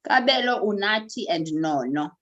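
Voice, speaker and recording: Animated woman coaching. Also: mid-range voice, normal speed, highs cut off, a little hiss or hum. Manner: animated, instructive, coaxing participants. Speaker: voice coach running a workshop. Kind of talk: online workshop coaching. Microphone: video call.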